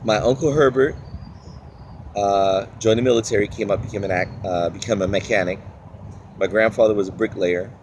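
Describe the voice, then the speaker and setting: Man, Washington DC accent, fairly low voice, casual rambling vlog. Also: steady tone, normal speed, darkish tone, a little hiss or hum. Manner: rambling, searching for words. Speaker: vlogger.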